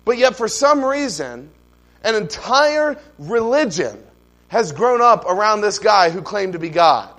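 A man's voice: high-pitched, sing-song, unhurried, sharp tone. A man preaching a sermon in a conversational way, asking the congregation rhetorical questions and adding asides. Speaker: pastor.

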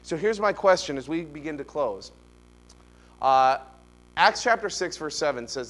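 A man's voice: fairly high pitch, lively intonation, measured pace, pauses often, fairly bright tone. A middle-aged man preaching a sermon as pastor, telling stories and pushing emphatic rising questions.

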